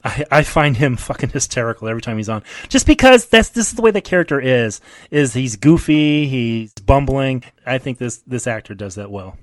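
A man's voice: mid-range voice, animated, normal speed, no room sound. A man co-hosting a casual film review chat who gives blunt, profane opinions. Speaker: movie podcast co-host.

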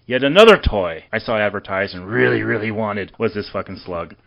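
A man's voice: on the low side, animated, brisk, vocal fry, dull audio. A man hosting a casual film podcast, animatedly recapping scenes and passing the question to his co-hosts. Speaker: podcast host.

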